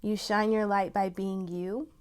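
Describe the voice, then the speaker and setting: A woman giving a tarot reading to her viewers, talking in an encouraging, softly emphatic way and breaking into excited exclamations. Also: mid-range voice, unhurried, clear, resonant tone. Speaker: tarot reader.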